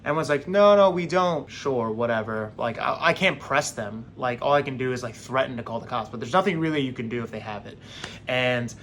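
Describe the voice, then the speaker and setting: A young man casually telling a story straight to camera, animated and acting out what others said. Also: medium pitch, fairly quick, slight background noise. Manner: animated, acts out quoted voices.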